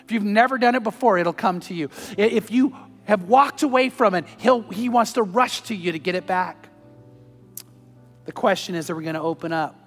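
A man preaching a sermon, telling a story earnestly and moving between loud urging and hushed, tender passages. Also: sits high, moderate pace, big-room sound, soft background music. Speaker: pastor.

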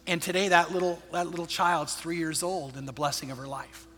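A man preaching a sermon as a pastor, talking in a conversational storytelling way with many restarts and dropping to a hushed, gentle tone at tender points. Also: fairly high pitch, a little fast, music in the background. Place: large church auditorium. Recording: long hall reverb from a large sanctuary.

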